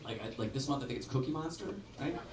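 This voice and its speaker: A man's voice: mid-range voice, fast, a little mellow. A male stand-up comedian rambling through his set in a loose, conversational way, full of fillers and tag questions. His voice sits in the middle of the range and carries the echo of a club, picked up from a distance with audible room noise. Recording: roomy, noisy club recording from a distance.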